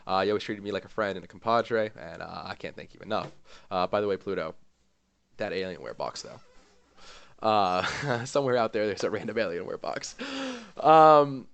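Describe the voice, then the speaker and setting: A man streamer giving an emotional, rambling farewell to his gaming community, with lots of fillers and pauses. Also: on the low side, expressive, gravelly, a bit bright, clear, resonant tone. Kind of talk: heartfelt farewell vlog.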